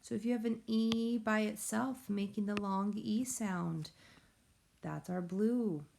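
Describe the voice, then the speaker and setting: A woman teacher giving a recorded phonics lesson to young children, explaining slowly and patiently in a sing-song way. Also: medium pitch, creaky, background noise. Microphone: tablet or device mic.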